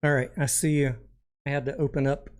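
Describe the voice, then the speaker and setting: A man's voice: medium pitch, little pitch movement, fairly quick. A man hosting a casual livestream, chatting and joking while reading viewer comments aloud. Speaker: livestream host.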